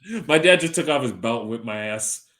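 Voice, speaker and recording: His voice mid-range, a bit bright and fairly quick with lively intonation, this podcast co-host is a man in his thirties. He chats casually, spinning long rambling stories with dry humor and lots of swearing.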